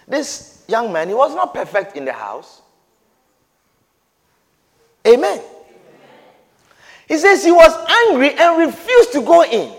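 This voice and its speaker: Man preacher, high lively voice, slow emphatic delivery, long hall echo. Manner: emphatic, repeats phrases, swings between loud and soft. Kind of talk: sermon. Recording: echoey hall reverb.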